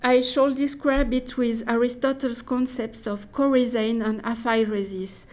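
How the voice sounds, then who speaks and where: Woman reading out a dense academic paper, slightly high voice, careful and slow, restarts here and there. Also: steady tone, darkish tone. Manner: careful, deliberate delivery with restarts and hesitations. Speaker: academic speaker. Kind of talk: reading a prepared academic talk.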